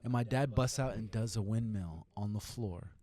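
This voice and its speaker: A man in his thirties from Seattle, a podcast guest telling stories in lively conversation, acting out quotes and swearing freely. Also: lowish voice, moderate pace. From Seattle, United States. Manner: animated storyteller, acts out quotes, swears freely. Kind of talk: casual storytelling conversation.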